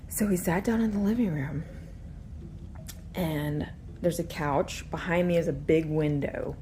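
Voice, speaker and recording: A woman's voice: low voice, a little slow, long pauses, mellow, a little hiss or hum. A woman casually retelling a frightening babysitting experience in a tense, nervous way. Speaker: storyteller in a clip. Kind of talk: casual storytelling.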